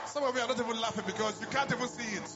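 High-voiced preacher shouting over loud music. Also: male voice, very fast. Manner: shouting, repetitive calls to the congregation. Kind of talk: sermon. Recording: muffled recording with loud music behind.

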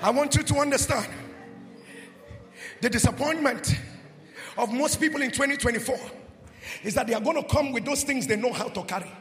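A man preaching a charismatic sermon, shouting in a sing-song cadence, leading the congregation in repeated calls and speaking in tongues, with frequent "uh" between phrases. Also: extremely high pitch, fairly quick, pauses often, soft background music.

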